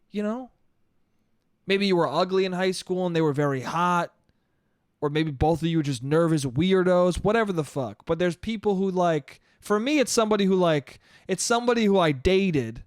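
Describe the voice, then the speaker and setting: A man in his late twenties hosting a solo comedy podcast, telling stories in an animated, profane way. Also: sits high, fairly quick, dry recording, studio quality. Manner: profane, animated storytelling with put-on voices. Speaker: podcast host.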